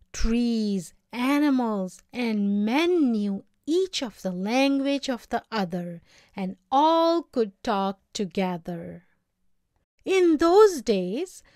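A woman reading a folk tale aloud as storybook narration, slow and expressive. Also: fairly high pitch, no echo, studio quality. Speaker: reader.

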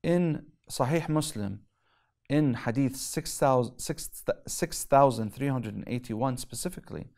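A man with a gravelly, creaky edge to his voice teaches a theology lesson. He recites Arabic passages quickly and then explains them in English, leaning on emphasis and pauses. His pitch sits in an ordinary middle range. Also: a little mellow. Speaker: religious lecturer.

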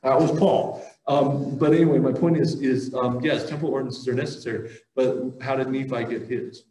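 Man, casual joking conference talk, lots of um and restarts, middle pitch, echoey hall, heard from a distance. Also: fairly even intonation, moderate pace, dark tone. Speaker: conference speaker. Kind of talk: casual religious talk with audience questions. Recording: roomy hall audio, voice heard from afar.

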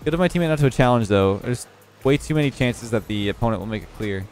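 A young man casually commentating his own match, relaxed and analytical, sleepy and yawning as he has just woken up. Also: medium pitch, quick pace, faint music behind.

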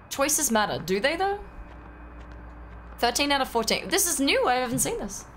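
Woman streamer, live game commentary, cheeky and chatty, slightly high voice, lively pitch. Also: moderate pace, pauses often, slight background noise. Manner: joking, chatty, cheeky asides.

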